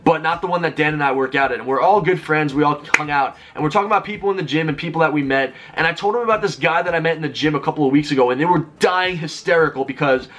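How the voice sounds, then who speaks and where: A man's voice: a little high, fairly bright tone, slight background noise. A man in his twenties telling a story to his viewers in a chatty vlog style, filling his talk with "like". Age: 20s. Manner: rapid chatty delivery full of "like". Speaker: YouTuber.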